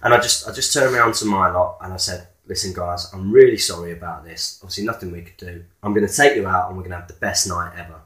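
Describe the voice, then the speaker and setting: A man's voice: low voice, fast, hardly any pauses, fairly bright tone. A man co-hosting a podcast, chatting casually and retelling a night out with quoted dialogue. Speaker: podcast co-host. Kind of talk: casual chat. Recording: roomy echo.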